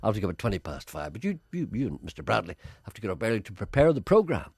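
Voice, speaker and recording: A man's voice: fairly low pitch, very animated, rapid-fire, a little mellow, breathy edge, dry recording, studio quality. A man hosting a radio show, teasing and playful in comic banter. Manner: teasing, playful, laughs often. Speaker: radio host.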